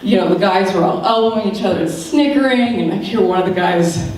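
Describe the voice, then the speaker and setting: A woman in her thirties giving a keynote speech, telling a personal story in an animated way and acting out the voices of the people in it. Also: medium pitch, fairly quick, a little hiss or hum. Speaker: keynote speaker. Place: large lecture room. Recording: very echoey hall, distant mic.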